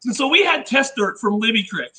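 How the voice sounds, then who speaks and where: A man with a squeaky, very high voice and a sharp, bright edge to it. He rambles through casual anecdotes as a guest inventor, slipping into the voices of people in his stories. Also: big pitch swings, a little fast, breathy edge, low-quality recording. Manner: rambling anecdotes, acting out others' remarks. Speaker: podcast guest, inventor and engineer. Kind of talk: casual storytelling chat.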